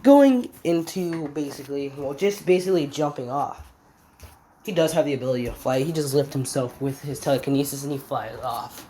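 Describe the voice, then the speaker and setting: A woman's voice: extremely low pitch, normal speed, dark tone, slight background noise. A woman casually retelling a made-up story, rambling and often correcting herself. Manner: rambling, self-correcting, filler-heavy. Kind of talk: casual fan-fiction retelling.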